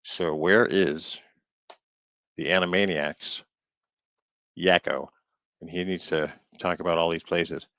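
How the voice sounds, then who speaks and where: A man streams live while reading from an old book, stumbling over words and drifting into playful asides. His voice is low-pitched and steady, with vocal fry and a fairly bright tone. The recording is dry.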